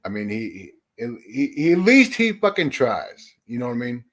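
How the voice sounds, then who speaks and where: Dude on a livestream just chatting with viewers, cusses a ton, blunt, keeps restarting sentences. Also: male voice, mid-range voice, big pitch swings, normal speed, a bit bright. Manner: profane, blunt, rambling with frequent restarts. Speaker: livestream host. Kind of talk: casual chat reading viewer comments.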